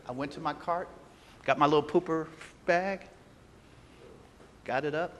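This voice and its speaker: A man preaching a sermon, telling a personal story with animated delivery and acting out the voices of the people in it. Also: a little high, moderate pace, long pauses, background noise. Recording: long hall reverb.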